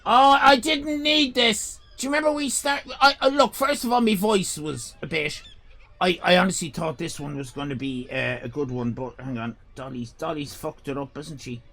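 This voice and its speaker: A middle-aged Irish man hosting a comedy stream in a loud, rambling way, swearing and stumbling over his words. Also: on the high side, moderate pace. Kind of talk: comic character stream chat.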